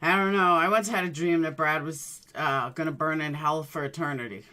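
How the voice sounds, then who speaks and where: A woman's voice: deep voice, fairly even intonation, moderate pace, bright, forceful tone. A woman hosting a livestream, chatting casually with her viewers and telling rambling personal stories. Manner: rambling storyteller, addresses viewers by name. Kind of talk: casual chat.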